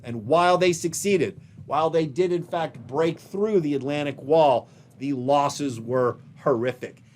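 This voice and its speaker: A man lecturing on history in a recorded video lesson, pointing out images on slides behind him and stressing key phrases slowly. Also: fairly high pitch, a little mellow, slight background noise.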